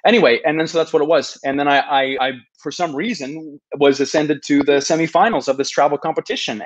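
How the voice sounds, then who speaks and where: Recorded on a podcast microphone with lo-fi sound, a thirtysomething travel video maker speaks quickly in a fairly high voice. He's a guest in a casual storytelling interview, earnest and self-deprecating, often restarting what he's saying.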